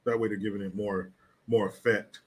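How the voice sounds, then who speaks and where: A man's voice: lowish voice, level tone, normal speed. A man hosting a casual political commentary livestream, sarcastic and blunt, swearing freely.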